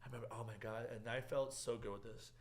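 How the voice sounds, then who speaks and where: A young man with a medium-pitched voice talks fast as he hosts a casual podcast chat. He's an animated storyteller who acts out quotes and laughs often.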